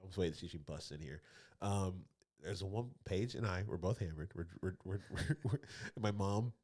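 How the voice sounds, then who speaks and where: A man's voice: low-pitched, a little fast, darkish tone. A man co-hosting a comedy podcast, telling a rambling story with frequent laughs and restarts. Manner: rambling, laughs often, acts out others' voices. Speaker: podcast co-host. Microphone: podcast studio mic.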